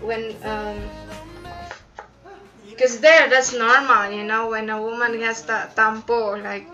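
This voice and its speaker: A woman co-hosting a live reaction stream, chatting in a relaxed way with little laughs. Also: fairly high pitch, normal speed, dull audio, soft background music. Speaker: reaction video co-host. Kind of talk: casual live commentary.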